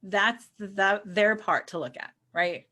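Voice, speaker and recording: A middle-aged woman in casual spiritual conversation, telling personal stories with lively acted-out quotes and frequent laughs. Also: medium pitch, measured pace. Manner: animated storyteller who acts out quotes and laughs. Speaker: co-host.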